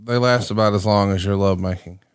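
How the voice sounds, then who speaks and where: A man's voice: lowish voice, fairly even intonation, quick pace, clear, resonant tone, no room sound, studio quality. A man co-hosting a casual chat, joking and teasing his partner. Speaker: podcast co-host.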